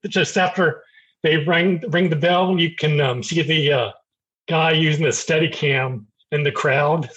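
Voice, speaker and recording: A man's voice: fairly high pitch, steady tone, measured pace, fairly bright tone, husky, lo-fi sound. A man appearing as a guest on a casual movie podcast, speaking hesitantly with fillers. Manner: brief backchannels, hesitant with fillers.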